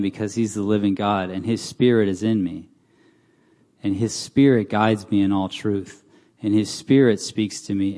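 A man's voice: on the low side, dark tone. Man preaching in a reverberant hall. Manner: casual, asks the crowd questions. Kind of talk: conversational sermon. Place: church hall.

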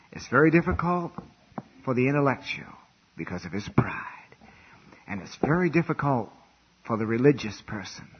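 A male preacher delivering a revival sermon, swinging from hushed, quiet lines to loud, fervent outbursts. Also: lowish voice, husky. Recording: dull lo-fi recording.

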